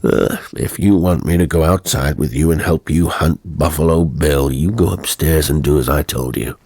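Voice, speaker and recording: A man's voice: rumbling low, moderate pace, darkish tone, slightly rough, no room sound, exaggerated voice. A man voicing a country doctor father who scolds his son firmly but with teasing fondness. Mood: stern.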